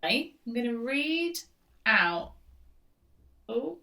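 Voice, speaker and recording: Slow, bright-voiced woman quiz host. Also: a little high, sing-song, creaky. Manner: chatty, teasing, reads questions slowly and repeats them. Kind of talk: live-stream quiz hosting. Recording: voice distant from the mic.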